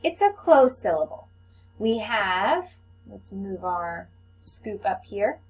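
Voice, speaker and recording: Brief: woman, teacher voice, unhurried and encouraging, faint hum behind. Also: medium pitch, very animated, low-quality recording. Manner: slow, patient, encouraging teacher talk to young children. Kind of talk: recorded online phonics lesson.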